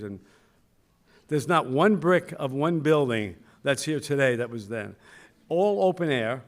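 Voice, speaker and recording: A man's voice: mid-range voice, lively intonation, a little slow. Older man telling a founding story. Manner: storytelling, self-mocking, acts out quoted voices. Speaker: school founder giving a speech. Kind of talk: anecdotal ceremony speech.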